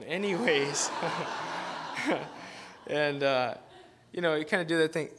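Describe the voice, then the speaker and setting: A man's voice: a little high, slow pace, pauses often, a bit bright, slight background noise. A man preaching as a guest pastor, telling a rambling, self-deprecating story in a casual manner and laughing often. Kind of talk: informal sermon with storytelling.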